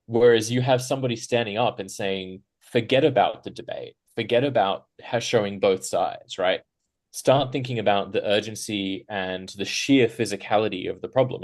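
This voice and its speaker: A man with a fairly low voice speaks as a guest in a panel discussion. He rambles in a loose, conversational way, tossing in "right?" and laughing lightly between thoughts. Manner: rambling, frequent "right?" tags and fillers; animated, laughs while talking.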